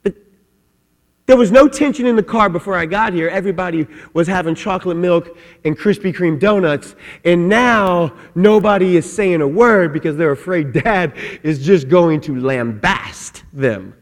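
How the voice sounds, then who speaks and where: Animated high-voiced pastor in a hall. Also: male voice, normal speed. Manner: animated storytelling with laughs. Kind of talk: sermon with personal story. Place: church. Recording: long hall reverb.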